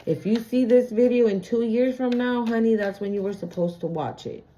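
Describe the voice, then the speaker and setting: A woman's voice: a little high, normal speed, dark tone, lo-fi sound, slight background noise. A woman giving a casual tarot reading, chatty and profane, often breaking into laughter. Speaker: tarot card reader.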